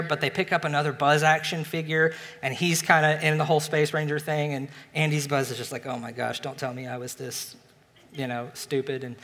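A pastor giving a sermon, retelling a film plot in a relaxed, conversational way. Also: male voice, on the high side. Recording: long reverb of a large hall.

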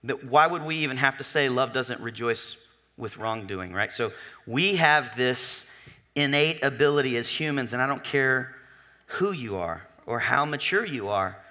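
Bright-voiced, joking preacher man. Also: mid-range voice, expressive, moderate pace. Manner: conversational, joking, asks the congregation questions. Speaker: pastor. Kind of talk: sermon.

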